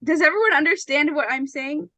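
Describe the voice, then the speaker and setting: A woman's voice: sits high, fairly quick, bright, forceful tone, dry recording, poor audio. A woman teaching an English pronunciation lesson, patient and often checking that her students understand.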